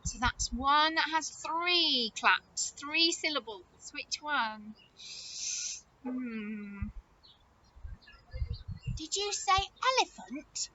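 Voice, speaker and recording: Woman teacher doing phonics for little kids, slow sing-song voice, muffled lo-fi recording with hiss behind. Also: high-pitched, expressive, pushed and bright. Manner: sing-song, encouraging, slow and exaggerated for small children. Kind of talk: phonics lesson for young children.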